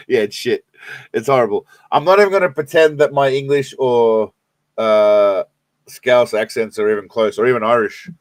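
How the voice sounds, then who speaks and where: A man's voice: mid-range voice, moderate pace, dry recording. A man casually commenting on clips during a live stream, rambling and swearing freely with many restarts.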